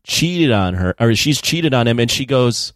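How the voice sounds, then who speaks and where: A man's voice: medium pitch, lively intonation, normal speed, dry recording, clean studio sound. A man co-hosting a casual movie review podcast, retelling scenes in a rambling way with lots of restarts. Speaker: podcast co-host.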